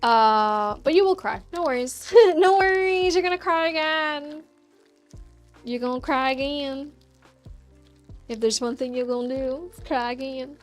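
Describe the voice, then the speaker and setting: A woman's voice: sits high, a little slow, long pauses, faint music behind. A woman hosting a craft livestream, chatting upbeat with her viewers and laughing often while she works. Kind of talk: casual chat with live chat while crafting.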